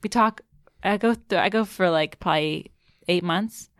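A young woman in her twenties telling a personal story in casual chat, animated and full of filler words, acting out what people said. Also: lowish voice, normal speed, no room sound, studio quality. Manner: animated, lots of "like", acts out quotes. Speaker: guest.

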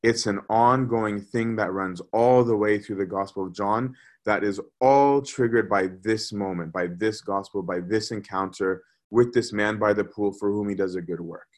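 A man's voice: on the low side, moderate pace, hardly any pauses. A man giving a sermon, talking conversationally and asking his listeners "right?" again and again. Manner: conversational, animated, often asks "right?". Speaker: preacher.

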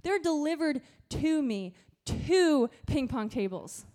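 A young woman youth pastor giving a sermon, telling a story in animated, casual slang. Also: high voice, slow.

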